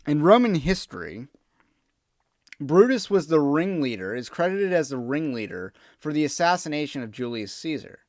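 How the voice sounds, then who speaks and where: A man's voice: on the high side, no room sound, clean studio sound. A man hosting a podcast, giving opinionated political commentary in an emphatic, digressive monologue. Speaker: podcast host.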